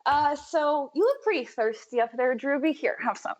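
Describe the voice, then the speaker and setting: A woman's voice: high-pitched, expressive, moderate pace, dull audio, slight background noise. A woman with a giddy, exclamatory manner, chatting casually as a player on a live stream.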